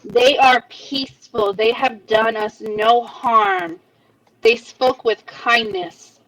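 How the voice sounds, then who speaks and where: A woman's voice: a little high, slow pace, fairly bright tone, full character voice. A woman playing an earnest adventurer woman who speaks in a solemn, firm way. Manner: solemn, pleading. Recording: voice off-mic at a distance.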